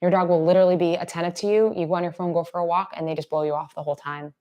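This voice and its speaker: A woman dog trainer giving casual advice in a live Q&A, talking conversationally and at times dropping to soft near-whispers to show gentle praise. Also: on the low side, fairly even intonation, racing, muffled recording.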